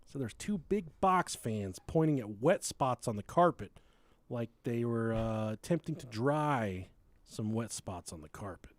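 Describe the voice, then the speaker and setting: A podcast host with a mid-range voice speaks animatedly at a measured pace, with no room sound. He chats casually about a true crime case, joking, swearing, and quoting people in silly voices.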